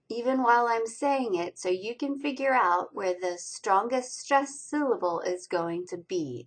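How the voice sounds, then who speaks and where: A woman teaching college reading skills over slides, explaining pronunciation and stressing each syllable with slow, deliberate enunciation. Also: medium pitch, rough recording. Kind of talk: recorded lecture over slides.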